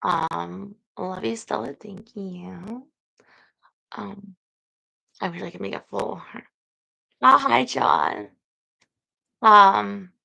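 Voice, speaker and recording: A woman hosting a book-reading livestream chats casually with her viewers without a script, rambling hesitantly from thought to thought with many fillers. Her medium-pitched voice has a bright, forward edge, gravelly fry creeps into many phrases, and the audio is poor.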